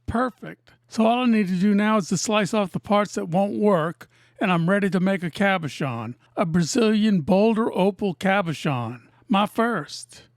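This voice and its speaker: A woman who cuts and sells opals, narrating her workshop video in a deadpan, teasing way. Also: mid-range voice, normal speed, dry recording, clean studio sound. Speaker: opal cutter and seller. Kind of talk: narrated lapidary video with jokes.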